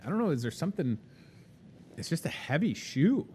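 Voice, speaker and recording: A man's voice: on the high side, big pitch swings, brisk, darkish tone, slight background noise. A young man with a Midwestern American accent hosting a casual store promo, chatty and upbeat with joking sales patter. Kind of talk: casual live promo talk.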